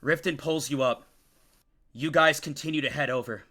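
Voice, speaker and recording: A man's voice: fairly high pitch, normal speed, pushed and bright. A man narrating a tabletop game as game master, in a vivid, casual way and swearing freely.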